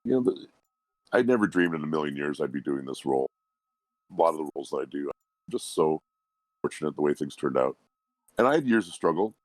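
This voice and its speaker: A man, a guest voice actor, talking in a relaxed interview in a reflective, humble and unhurried way. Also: a bass voice, no echo.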